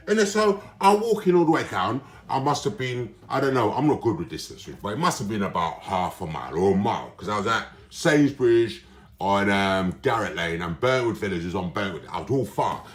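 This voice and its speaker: A man, ranting in a rambling, agitated way and swearing, indoors in his room. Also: medium pitch. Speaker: vlogger. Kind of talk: rambling casual monologue. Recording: roomy echo.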